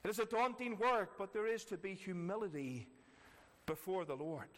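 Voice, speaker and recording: A man's voice: high-pitched, normal speed, fairly bright tone. A man preaching a sermon earnestly, repeating key phrases for emphasis. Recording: long reverb of a large hall.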